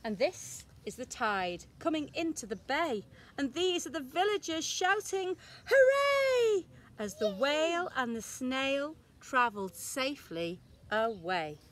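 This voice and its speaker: A woman infant school teacher reading a rhyming picture book aloud to young children, slow, sing-song and expressive, leaning into the rhymes. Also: on the high side, slight background noise.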